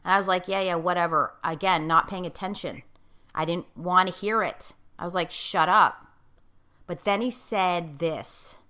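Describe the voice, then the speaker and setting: Emphatic, forceful woman coach. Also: on the low side, moderate pace. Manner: emphatic, repeats key phrases for stress; self-described outspoken, in-your-face talker. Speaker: life coach and speaker. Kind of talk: casual coaching chat.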